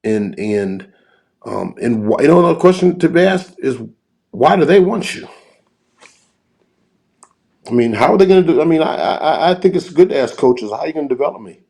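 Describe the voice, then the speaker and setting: A man's voice: on the high side, animated, moderate pace, creaky, pauses often, darkish tone. A middle-aged man, a football coach guesting on a podcast, telling a story earnestly and repeating words as he goes.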